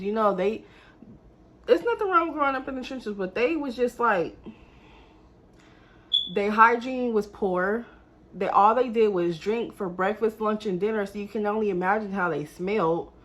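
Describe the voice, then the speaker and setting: Young woman telling a storytime vlog. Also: mid-range voice. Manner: exasperated, talks straight to viewers. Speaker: vlogger. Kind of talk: casual storytime.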